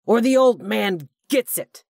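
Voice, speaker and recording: A woman's voice: extremely low pitch, unhurried, dark tone, no room sound, studio quality. A woman voicing a menacing male villain with a Southern accent, who speaks in a casual drawl and erupts into screams. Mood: screaming. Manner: friendly drawl turning to screams.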